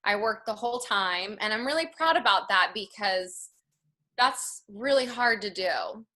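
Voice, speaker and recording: A woman in her thirties telling her personal story in an interview, earnest and reflective, often slow and emotional. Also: mid-range voice, animated, bright, forceful tone. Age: 30s. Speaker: interview guest.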